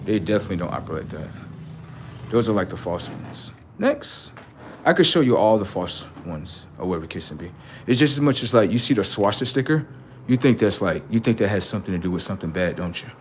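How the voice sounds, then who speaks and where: A man with a lowish voice preaching to his live chat, rambling and profane. His street slang runs throughout, and his delivery swings between quiet, low mutters and sudden high shouts. A faint hum of noise sits underneath. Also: lively intonation, fast talker. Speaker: livestream host. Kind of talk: live stream talk to chat.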